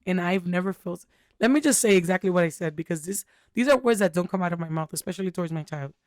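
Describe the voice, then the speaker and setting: A woman's voice: fairly low pitch, expressive, fast talker, a little mellow, no echo, clean studio sound. A young woman co-hosting a podcast, telling a candid, rambling story full of fillers in casual chat. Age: young adult. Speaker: podcast co-host.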